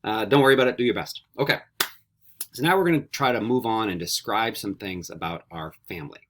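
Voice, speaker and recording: A man teaching a recorded beginner Spanish lesson, repeating each word slowly three times for students to echo back. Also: lowish voice. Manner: slow repetition drills, animated.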